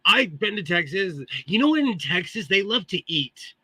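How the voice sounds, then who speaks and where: Man, Californian accent, livestream host, casual chat, laughs a lot, fairly high voice, dry close sound. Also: sing-song, moderate pace, pushed and bright, husky, no echo. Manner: chatty, laughs often between remarks. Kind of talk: casual chat answering live viewers. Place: home sewing room.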